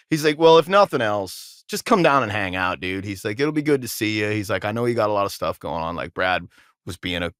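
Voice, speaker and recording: A man's voice: fairly low pitch, no echo, clean studio sound. A male podcast guest and musician telling long casual stories, acting out what others said, with lots of restarts. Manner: rambling, animated storyteller acting out quotes, frequent restarts. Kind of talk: casual storytelling interview.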